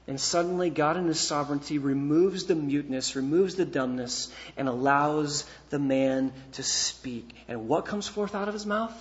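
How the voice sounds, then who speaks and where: Guy preaching a sermon, high voice, goes soft then punchy, kinda muffled lo-fi sound. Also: normal speed, few pauses. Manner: expository preaching, swings between hushed and emphatic. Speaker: pastor.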